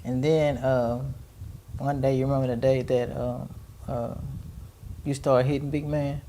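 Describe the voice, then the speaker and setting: A middle-aged woman hosting a podcast, recounting family events in a rambling way, pausing to search for her words. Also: a bass voice, level tone, warm tone, a little hiss or hum. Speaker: podcast host. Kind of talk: personal storytelling in conversation.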